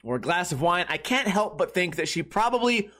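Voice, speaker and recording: A young adult man hosting a podcast, telling a comic story in a profane, ranting way with quick bursts. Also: sits high, sing-song, fairly bright tone. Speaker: podcast host. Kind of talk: comedic storytelling rant.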